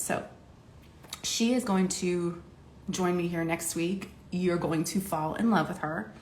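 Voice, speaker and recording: A middle-aged woman from Ohio, a makeup coach chatting to camera while doing her makeup, talkative and quick to laugh. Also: lowish voice, slight background noise. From Ohio, USA. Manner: chatty, laughing, lively quoted voices. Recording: echoey room.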